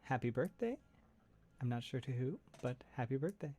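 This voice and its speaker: Here a man with a mid-range, husky, mellow voice talks at a moderate pace, his pitch swinging widely. He's streaming live and chatting casually, rambling, laughing often, and restarting his sentences amid plenty of fillers, all close to the mic.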